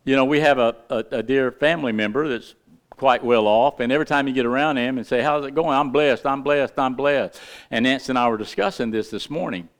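A middle-aged male pastor preaches a sermon, throwing in lively asides and questions to his congregation. His voice is medium-pitched and fast.

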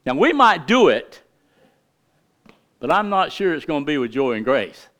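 A man's voice: on the high side, very animated, moderate pace, a bit bright. A middle-aged man preaching a sermon in a folksy, emphatic way, full of rhetorical questions. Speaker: pastor.

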